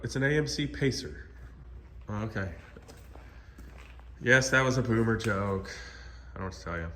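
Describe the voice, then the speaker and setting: A man's voice: on the low side, animated, normal speed, a bit bright, slight background noise. Candid man rambling through a car vlog. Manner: candid, rambling, talks to viewers as "you guys". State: sick. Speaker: car channel host. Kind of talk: casual vlog walkthrough. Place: home car shop.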